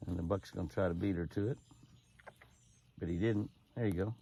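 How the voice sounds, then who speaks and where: Gravelly folksy man. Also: low voice, brisk, long pauses, warm tone, a little hiss or hum. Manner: folksy, coaxing deer in a sing-song call. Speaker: ranch owner and show host. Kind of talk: casual outdoor narration. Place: outdoors at a deer feeding spot.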